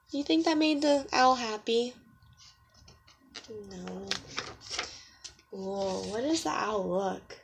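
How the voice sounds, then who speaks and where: A woman teacher reading a picture book aloud and reflecting on the lesson, gentle and questioning, with hushed asides. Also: on the high side, husky.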